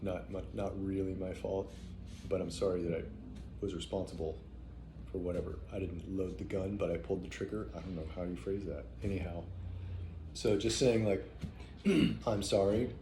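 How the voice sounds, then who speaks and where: Guy with a low mellow voice, thinking out loud, lots of ums and likes, faint hiss behind. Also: fairly even intonation. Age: adult parent. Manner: halting, thoughtful, many fillers and restarts. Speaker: parenting teacher. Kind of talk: casual spoken reflection.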